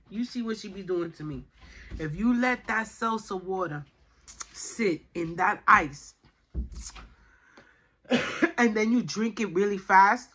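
A woman eating on camera and chatting casually with her viewers, her voice husky and sitting on the low side. She pauses between bites and keeps saying "you know". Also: a bit bright. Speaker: mukbang vlogger. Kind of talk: casual chat while eating.

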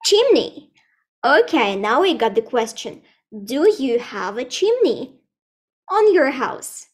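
A young woman teaching English to children in a live online lesson, speaking slowly and repeating words for learners. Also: sits high, big pitch swings, breathy edge.

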